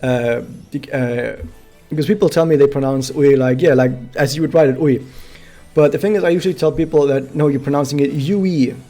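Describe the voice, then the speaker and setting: A man's voice: mid-range voice, steady tone, fast, dark tone, soft background music. A man streaming a game, chatting casually to his viewers and explaining things with many fillers. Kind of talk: casual gameplay commentary to chat.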